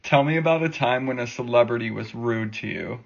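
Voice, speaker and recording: Man, gravelly voice, deadpan delivery. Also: medium pitch, a little fast, dull audio, a little hiss or hum. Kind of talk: casual storytelling.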